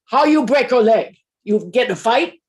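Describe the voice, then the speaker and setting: A mocking schoolgirl teases with raised, pushed-up speech, as a woman storyteller puts her on. Her voice sits higher than plain talk. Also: expressive, normal speed, natural voice. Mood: teasing. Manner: teasing, louder.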